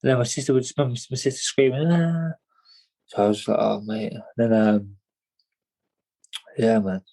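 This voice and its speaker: On a rough recording, a young boxer guesting on a podcast talks a little fast in a warm, mid-range voice with fairly even intonation. He tells stories casually, rambling, repeating words, and saying "mate" and "do you know what I mean" a lot.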